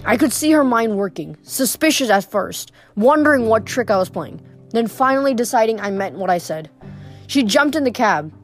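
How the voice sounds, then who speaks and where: A woman reading a novel aloud in steady narration, with occasional small slips. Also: on the high side, normal speed, faint music behind. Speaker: reader.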